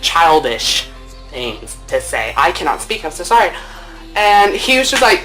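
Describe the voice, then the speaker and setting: A young woman recounts a casual story to camera from her home at a moderate pace, soft music in the background. This storytime vlogger is chatty, playful, and animated, swears and uses lots of fillers, and acts out quotes with big pitch jumps.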